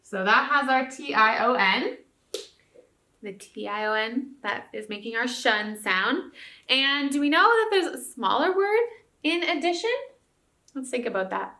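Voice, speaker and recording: A woman's voice: high voice, lively intonation, unhurried, bright, forceful tone. A woman teacher giving a recorded spelling lesson to young students, patient and encouraging, often checking in with "okay?". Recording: roomy echo.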